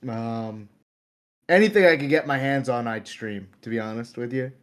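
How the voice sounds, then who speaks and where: Young man with a Long Island accent, mid-pitched, loose, swears a lot; podcast guest. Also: expressive, moderate pace. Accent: Long Island New York. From Long Island, New York. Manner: loose and profane, jumps into loud mock voices. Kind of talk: casual podcast chat.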